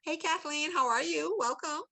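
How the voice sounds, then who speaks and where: Woman running a zoom training, bright kinda high voice, playful and teasing. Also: moderate pace, poor audio. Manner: animated, playful, teasing participants with mock quotes. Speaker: trainer leading an online presentation. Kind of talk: online training call. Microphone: video call.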